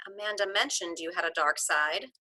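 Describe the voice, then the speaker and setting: A woman's voice: fairly low pitch, fairly quick, sharp tone, voice pushed down. A woman reading the part of a cheerful, fussy young woman who plans everything, in an earnest casual script read-through. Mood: defensive.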